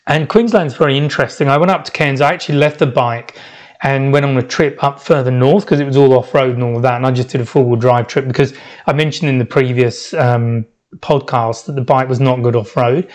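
A man's voice: mid-range voice, fairly quick. A middle-aged man hosting a podcast, telling a travel story in a rambling, reflective way with many restarts. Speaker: podcast host.

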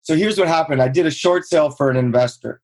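A man in his thirties from Southern California, telling his own story in a casual interview and acting out quotes with a raised voice. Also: fast. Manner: energetic storyteller, acts out quotes in higher voice. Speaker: guest, real estate investor.

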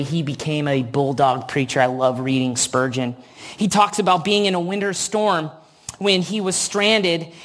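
A woman preaching a sermon, telling a story slowly and earnestly with emphatic repetition. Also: fairly high pitch, fairly bright tone.

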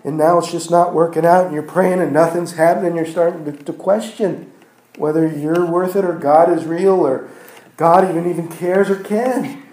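A man preaching a sermon in a church. He builds phrases with repetitions and restarts, and swings from loud emphatic peaks down to near-hushed passages. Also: sits high, measured pace. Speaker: pastor. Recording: echoey room.

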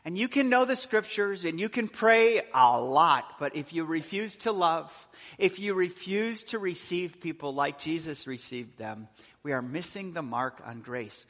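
Male pastor, sermon, bright voice a touch high, long hall echo. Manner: earnest preaching with rising and falling emphasis.

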